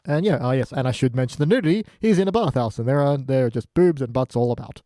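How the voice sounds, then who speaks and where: A man with a mellow, warm voice talks casually as a podcast co-host. He riffs along, dropping in quick put-on quotes. The sound is dry and close. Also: medium pitch, no room sound. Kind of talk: casual chat.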